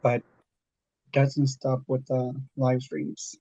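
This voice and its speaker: Laid-back male streamer with a very dark, husky voice on a dull, lo-fi mic. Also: medium pitch, little pitch movement, slow pace. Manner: laid-back, plugs his channels. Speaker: livestream host. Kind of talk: casual livestream chat.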